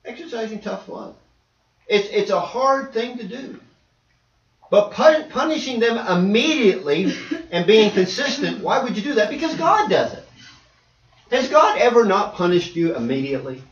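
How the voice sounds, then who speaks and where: Male preacher, animated sermon delivery, swooping lively voice; distant, muffled, echoey recording. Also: sits high, moderate pace. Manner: animated, acts out voices and dialogue. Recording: echoey hall, distant dull mic.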